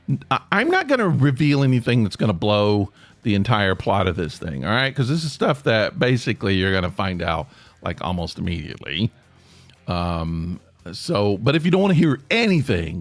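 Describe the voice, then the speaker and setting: A man's voice: mid-range voice, no room sound. A man hosting a solo podcast in a casual, rambling way, often stopping and restarting his sentences. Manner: rambling, self-interrupting, chatty. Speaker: podcast host. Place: home near Atlanta.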